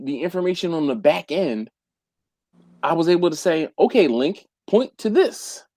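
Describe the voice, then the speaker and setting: A man's voice: medium pitch, no echo. A man hosting a barbecue channel, chatting casually on a live stream and rambling with restarts. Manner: animated, rambling, with repeated restarts.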